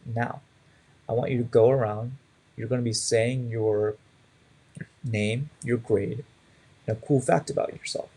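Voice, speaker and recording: A man's voice: mid-range voice, gravelly, dark tone, husky. A young man in his twenties teaching a public speaking class in a conversational way, often checking in with "right?". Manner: conversational, frequent "right?" tags.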